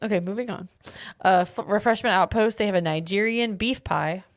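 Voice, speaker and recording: A woman's voice: mid-range voice, a little fast, dry recording. Woman, podcast co-host, casual, reading notes, dry close mic. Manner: easygoing, laughs often, reads from notes. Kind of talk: casual chat, reading out menu items.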